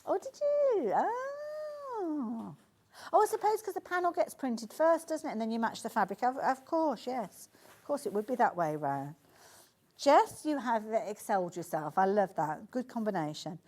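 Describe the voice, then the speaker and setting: A woman's voice: a little high, big pitch swings, moderate pace, a little mellow. Chatty Brummie woman presenting on TV. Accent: Birmingham (Brummie). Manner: chatty and enthusiastic, lots of asides and fillers. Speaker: shopping channel presenter. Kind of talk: live TV sales demonstration.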